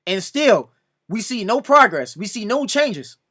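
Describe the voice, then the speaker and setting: A man's voice: high-pitched, very animated, measured pace, noisy background. A man hosting a sports reaction video, talking casually and sounding exasperated as he argues with another commentator, pleading over and over. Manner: exasperated, repeatedly pleading "come on now"; addresses another commentator directly.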